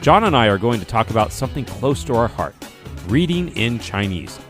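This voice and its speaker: An American man hosts a language-learning podcast casually and playfully, joking through his intro and reading listener reviews. His mid-range voice is sing-song and brisk, with music playing in the background.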